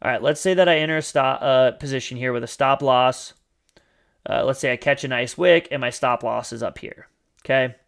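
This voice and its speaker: Speaking a little fast in a creaky, slightly bright, medium-pitched voice, a man runs a casual live Q&A stream on trading. He's chatty, leans on fillers and "you guys," and occasionally acts out panicking traders.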